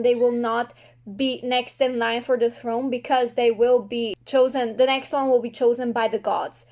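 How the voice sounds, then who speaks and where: A woman's voice: on the high side, darkish tone. A young woman book vlogger reacting aloud while reading, emotional and exclaiming, talking to the characters.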